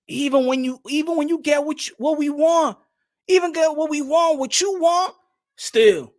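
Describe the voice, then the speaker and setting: A man with a fairly high voice chats loosely as a boxing show host. He is animated, laughs often and mixes into his English. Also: normal speed, no echo, clean studio sound. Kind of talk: casual chat reading comments.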